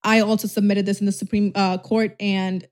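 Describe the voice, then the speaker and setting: A woman's voice: medium pitch, little pitch movement, normal speed. Chatty young woman rambling candidly. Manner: candid, rambling, heavy use of "like", frequent restarts; swears casually. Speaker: YouTuber. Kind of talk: casual storytime vlog.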